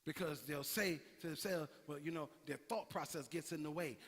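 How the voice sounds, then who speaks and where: A man preaching a sermon as pastor, telling a story with lively acted-out voices. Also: a little high, normal speed, husky. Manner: animated storytelling, acting out characters. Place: church sanctuary. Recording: long hall reverb.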